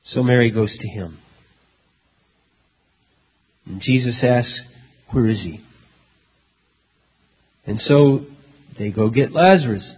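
A male pastor preaching a sermon, telling a story dramatically, with loud emphatic peaks and hushed low passages. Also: slow pace, long pauses, slightly rough. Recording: dull lo-fi recording in a reverberant hall.

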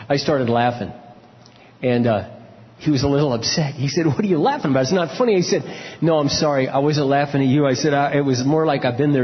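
A man preaching in a big church hall, his fairly high voice ringing with long reverb. He tells stories from his own marriage, dropping to quiet confessional asides and then rising into loud shouted points. The sound is a bit dull and muffled. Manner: storytelling, swings from low confessional murmurs to loud shouted emphasis. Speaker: pastor. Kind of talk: sermon.

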